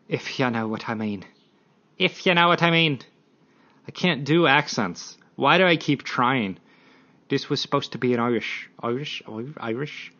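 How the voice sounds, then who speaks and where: A young man rambles through his solo podcast, animated and poking fun at himself. His voice sits at an ordinary middle pitch. The home recording sounds a little dull and lo-fi. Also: creaky. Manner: rambling, self-mocking, animated. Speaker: podcast host.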